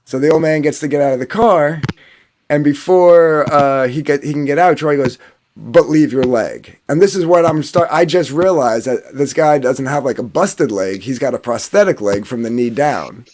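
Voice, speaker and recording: A man from New Jersey spins a long casual story, packing it with fillers, restarts and swearing. His voice sits a little higher than most men's. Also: moderate pace, a little mellow. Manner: rambling, filler-heavy, swearing. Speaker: podcast panelist.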